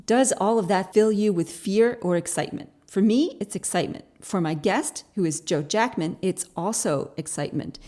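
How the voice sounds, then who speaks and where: A woman's voice: mid-range voice, normal speed, hardly any pauses, mellow. A woman from Canada hosting a podcast interview, introducing her guest with enthusiastic emphasis. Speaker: podcast host.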